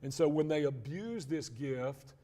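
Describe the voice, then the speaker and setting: A man's voice: on the high side, lively intonation, measured pace, warm tone. A man teaching a church Bible class in a conversational way, with frequent restarts and asides.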